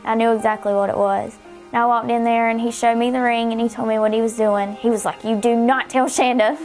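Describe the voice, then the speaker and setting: Lively woman with a higher voice. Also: fast talker. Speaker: family member interviewed. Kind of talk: interview. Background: soft background music.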